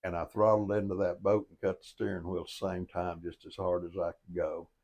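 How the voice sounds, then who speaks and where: A man's voice: deep voice, flat delivery, a little fast, a little mellow, muffled recording. An older man telling a boating story in a folksy, plain-spoken and earnest way, as a motivational storyteller. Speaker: storyteller and life coach.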